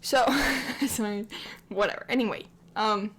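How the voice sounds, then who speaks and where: A woman's voice: medium pitch, steady tone, unhurried, a bit bright. A woman hosting a game channel, narrating her life-sim story in a rambling, chatty way with lots of filler words. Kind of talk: casual let's-play commentary.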